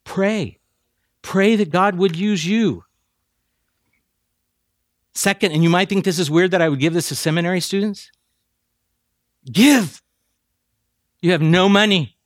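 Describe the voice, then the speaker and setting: A man preaching a sermon to seminary students, emphatic and building to near shouts. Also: high voice, normal speed, long pauses, dry recording, clean studio sound. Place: chapel addressing seminary students.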